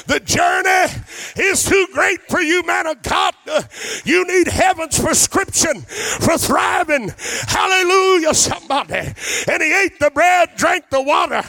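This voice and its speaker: A middle-aged preacher shouts his revival sermon in a high, gravelly voice. He chants lines in rhythm and pulls the congregation into call and response. The sound is close and dry. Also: animated, a little slow, no room sound. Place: church or campus meeting hall.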